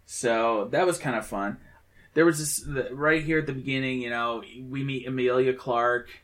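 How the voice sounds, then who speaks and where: A man talking casually about a film, chatty and enthusiastic, with a voice of ordinary middle pitch. He rambles with plenty of fillers and restarts as he retells scenes to his co-host. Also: steady tone, moderate pace, a bit bright. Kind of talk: casual movie review chat.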